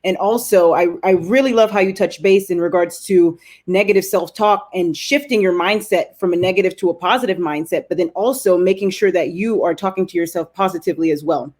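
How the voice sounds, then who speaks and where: A woman's voice: fairly low pitch, brisk, few pauses, darkish tone. A woman hosting an interview, courteous in manner and saying "ma'am" to her guest. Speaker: interview host.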